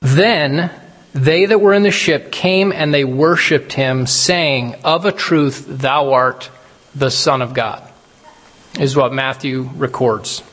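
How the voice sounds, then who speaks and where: A man's voice: mid-range voice, slow, a bit bright, long reverb tail. A man preaching a casual, conversational sermon, often checking in with his listeners and laughing at his own retellings.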